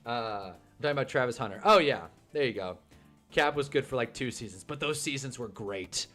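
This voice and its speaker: A man's voice: mid-range voice, expressive, fairly quick, fairly bright tone, soft background music. A young man hosting a casual live stream, ranting about football and reading chat comments, swearing and laughing often. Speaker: livestream host reading chat.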